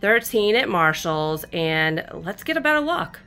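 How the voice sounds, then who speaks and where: A woman's voice: fairly low pitch, very animated, measured pace, hardly any pauses, bright, forceful tone, smooth, faint music behind. A woman, chatting fondly as she shows off her shopping haul and talks to her cat. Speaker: crafting channel host. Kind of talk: casual haul show-and-tell.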